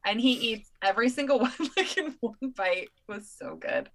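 A young woman co-hosting a casual chat, telling animated stories and laughing often. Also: on the high side, normal speed, low-quality recording. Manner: chatty, animated storytelling with laughs. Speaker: podcast co-host.

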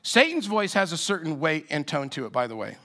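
A man's voice: on the high side, sing-song, brisk, sharp tone. A man preaching a sermon in a conversational, reflective way with frequent restarts. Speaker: pastor.

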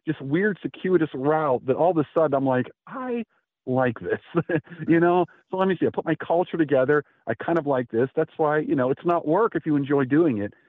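A man's voice: fairly high pitch, a little fast, dry recording. A man, a radio host telling a rambling story in an interview and acting out the quotes. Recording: tinny phone-like line.

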